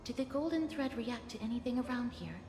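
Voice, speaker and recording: An actress playing a calm, formal young woman in a fantasy game, speaking softly and in measured phrases. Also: on the high side, background noise, lightly acted. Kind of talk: game voice acting. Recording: roomy game audio with long reverb.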